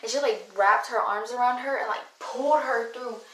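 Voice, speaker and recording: A young woman with a slightly high voice tells a story in a blunt, slangy, profane way. The room around her is noticeably echoey. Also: normal speed, a bit bright. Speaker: vlogger. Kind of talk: casual storytelling.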